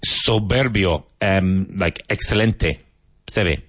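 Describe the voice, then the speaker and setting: A male teacher with a deep, low voice leads a classroom vocabulary drill. His delivery is brisk and encouraging. The recording is dry and close, with no room sound. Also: a bit bright, dry recording. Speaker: English teacher.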